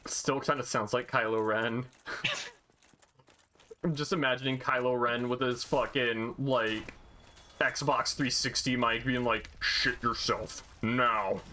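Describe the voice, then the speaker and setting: A man's voice: mid-range voice, steady tone, takes it slowly, pauses often, pushed and bright, slight background noise. A man streaming a video game, chatting casually with lots of swearing and mock indignation. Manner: profane, joking, mock-indignant. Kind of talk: casual gaming chat.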